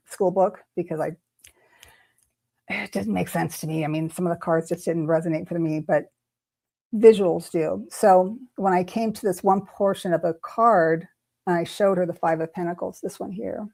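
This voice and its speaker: A woman tarot reader recounts a personal experience in a relaxed, chatty way. Her voice sits low and sounds dark and mellow. She rambles, restarts her phrases and gets emotional as she goes. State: tearful at the start. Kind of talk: casual storytelling on a talk stream.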